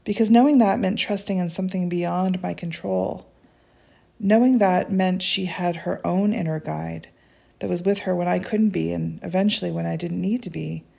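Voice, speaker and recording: A woman reading a reflective first-person story in a gentle, unhurried, tender way. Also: lowish voice, steady tone, vocal fry, slightly rough.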